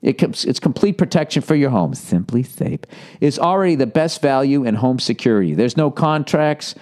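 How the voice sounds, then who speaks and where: A man's voice: medium pitch, lively intonation, moderate pace, a little mellow. A man, hosting a podcast and reading ads sarcastically, riffing off the copy with swearing. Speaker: podcast host. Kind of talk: casual podcast ad read.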